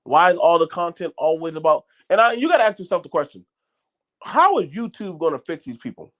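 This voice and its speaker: His voice is a little high and a bit bright, with big pitch swings and a fairly quick pace. As host of his own channel, this middle-aged man addresses viewers in blunt, swearing, unscripted commentary, repeating words and restarting lines.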